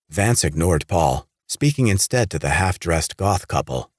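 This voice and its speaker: A man narrating a horror audiobook in a steady, even read. His voice is deep and low. The recording is close and dry, with no room around it. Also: unhurried, few pauses, breathy edge, no room sound.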